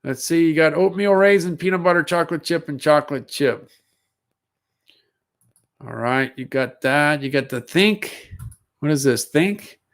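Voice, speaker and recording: A man's voice: on the high side, measured pace, pauses often, a bit bright. A man hosting a casual solo livestream, musing aloud as he reads down a list of product listings. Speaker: livestream seller host.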